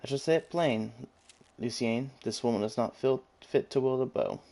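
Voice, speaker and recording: A man's voice: mid-range voice, moderate pace, gravelly, warm tone, lightly acted. A man doing a scornful British elf archer. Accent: put-on British. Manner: cutting, contemptuous. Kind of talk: reading game dialogue aloud.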